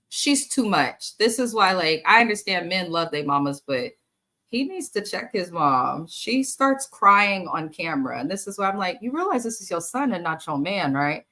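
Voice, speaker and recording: A woman's voice: mid-range voice, pushed and bright. A woman hosting a casual live recap of a reality TV episode. She talks straight to her viewers, blunt, opinionated and full of swearing. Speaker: host of a reality TV recap channel.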